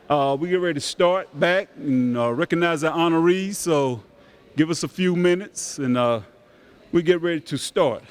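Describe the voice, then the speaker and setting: An older man, a community center director making relaxed, grateful announcements at a banquet. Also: fairly high pitch. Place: banquet hall.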